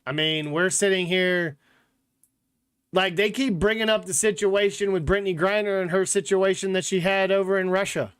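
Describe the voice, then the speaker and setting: A man's voice: high-pitched, fairly bright tone. A man hosting a sports podcast, chatting casually with blunt, joking opinions and lots of rambling filler. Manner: rambling, filler-heavy talk with frequent "like" and "literally".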